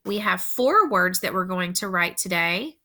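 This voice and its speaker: Slow, bright-voiced woman teacher dictating. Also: lowish voice, lively intonation. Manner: slow, deliberate dictation, repeating each word. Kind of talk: dictating a spelling test.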